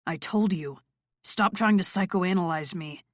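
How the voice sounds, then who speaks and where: A woman voicing a brooding, sarcastic male rock star with a gruff, scoffing manner in an audiobook. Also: on the low side, a little slow, no room sound, clean studio sound. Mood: cold. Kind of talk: audiobook character voice.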